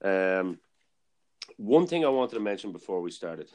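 A man's voice: low voice, sing-song, unhurried, a little mellow. A man hosting a podcast, telling a story in a casual, rambling way with lots of fillers. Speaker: podcast host. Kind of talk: casual chat.

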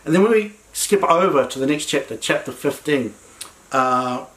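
A man's voice: a little high, moderate pace, low-quality recording. Conversational man preaching a sermon. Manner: conversational, repeats words, lively emphasis.

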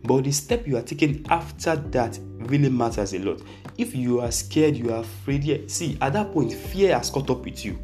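A man's voice: mid-range voice, expressive, normal speed, mellow, soft background music. A young man, talking earnestly and reflectively to his viewers, often restarting his sentences. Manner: earnest, repetitive restarts, pleading. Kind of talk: reflective personal talk to camera.

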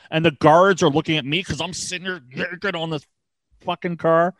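On his podcast, a man with a higher-pitched voice recounts a road trip at a moderate pace, lively and casual, cursing often and performing the dialogue himself.

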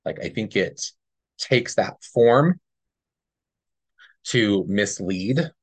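Low, husky man telling a story. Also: lively intonation, very slow, no echo. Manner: earnest, rambling, tags lines with "right?". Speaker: podcast co-host. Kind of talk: casual storytelling.

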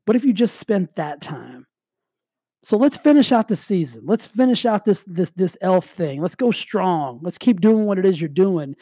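An energetic man delivers a motivational talk in a casual, rambling way, with "like" dropped through his sentences. His voice is dark and mellow, recorded dry and close, with a slight cough in the background of his health. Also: sits high, moderate pace, breathy edge, no echo. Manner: energetic, casual, heavy use of "like". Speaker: motivational speaker. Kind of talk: motivational monologue.

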